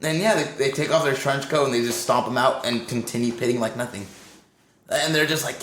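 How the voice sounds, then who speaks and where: A man on a podcast telling a wild tour story in a casual, animated way, swearing freely and acting out what others said. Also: mid-range voice, fairly quick, slight background noise. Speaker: touring crew guest. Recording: roomy with faint ambience.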